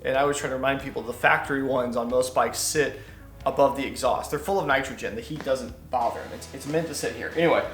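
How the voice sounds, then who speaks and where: A man talking casually through a motorcycle repair in his garage, chatty and quick to correct himself. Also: mid-range voice, fairly bright tone, reverberant, soft background music. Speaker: motorcycle vlogger. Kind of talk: casual workshop how-to. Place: garage workshop.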